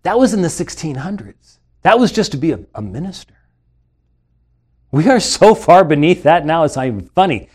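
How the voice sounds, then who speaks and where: A man with a somewhat high speaking voice hosts a live webcast from his studio. He argues his points emphatically and off the cuff, often restarting his sentences as he presses on. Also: big pitch swings, moderate pace, a little mellow. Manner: emphatic, argumentative, with frequent restarts. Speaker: webcast host and Bible teacher. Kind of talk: unscripted live commentary. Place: studio with screens and computer.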